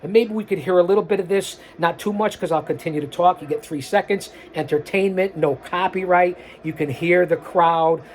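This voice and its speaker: A man's voice: high voice, a little fast, few pauses. A man hosting a show, casually rambling his commentary over a video clip. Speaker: host.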